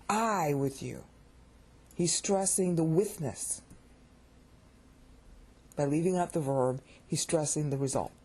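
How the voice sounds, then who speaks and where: A woman's voice: low voice, warm tone, breathy edge. A woman giving a recorded Bible study lecture. She explains grammar step by step, repeats key words for emphasis, and talks informally with frequent restarts and asides. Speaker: Bible teacher.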